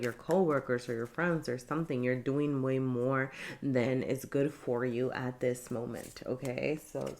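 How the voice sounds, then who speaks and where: A woman's voice: extremely low pitch, vocal fry, slight background noise. A woman giving a casual tarot reading, chatty and laughing often, with many fillers. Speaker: tarot reader.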